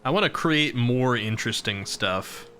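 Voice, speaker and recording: Man, VTuber streamer, casual live-stream chat, bright forceful voice, laughs a lot, faint music behind. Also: medium pitch, animated, unhurried. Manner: chatty, laughs often, talks to viewers.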